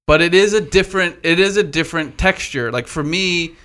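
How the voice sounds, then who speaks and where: A man with a bright, forceful voice and a slightly high pitch talks loosely on a podcast. His delivery is animated and laced with swearing. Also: brisk. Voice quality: profane, animated. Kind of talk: casual chat.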